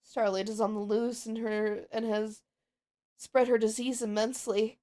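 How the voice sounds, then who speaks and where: A woman's voice: fairly high pitch, little pitch movement, unhurried, dark tone, close to an everyday voice. A woman voicing Twilight Sparkle, an anxious, studious mare pony, narrating worried diary-like entries while role-playing a game.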